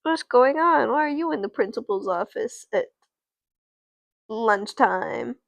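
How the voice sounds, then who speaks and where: A guilty schoolgirl, played by a woman speaking in a dramatic, breathy manner. Her fairly high voice is slow with a gravelly edge, recorded close and dry. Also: expressive, dry recording, full character voice.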